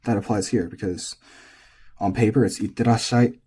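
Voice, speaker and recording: A man teaching pitch in a relaxed, casual lesson, thinking aloud as he goes. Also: normal speed, husky. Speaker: language teacher.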